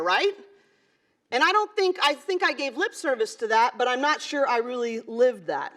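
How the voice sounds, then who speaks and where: A woman's voice: fairly high pitch, a bit bright. A middle-aged woman coach giving a motivational conference speech in an earnest, conversational way, with many fillers and asides. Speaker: basketball coach giving a talk. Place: conference hall.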